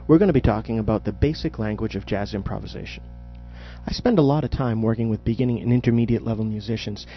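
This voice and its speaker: A man's voice: fairly low pitch, dull audio. A man teaching jazz improvisation in a podcast audio lesson, explaining patiently and demonstrating spoken question and answer inflections.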